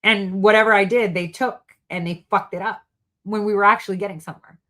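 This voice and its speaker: A woman hosting a heated monologue to her online audience, profane and angry, swinging between loud outbursts and hushed asides. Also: medium pitch, steady tone, brisk, slight background noise. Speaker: host.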